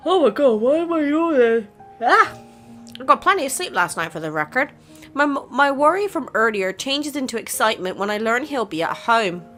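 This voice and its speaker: Bright-voiced woman gamer chatting. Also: sits high, lively intonation, a little fast, soft background music. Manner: chatty, reads story aloud and reacts. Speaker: gaming channel host. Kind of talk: casual game playthrough commentary.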